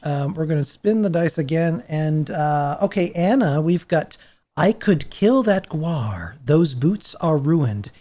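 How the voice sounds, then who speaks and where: A man's voice: fairly high pitch, animated, slow pace, dark tone. Upbeat man hosting a livestream. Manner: upbeat, reads prompts, cheers guests on. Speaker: livestream host. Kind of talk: casual livestream chat.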